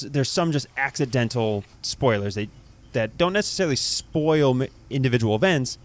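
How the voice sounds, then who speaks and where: A man co-hosting a podcast, chatting casually in a measured, reflective way and laughing easily. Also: mid-range voice. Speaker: podcast co-host. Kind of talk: casual chat.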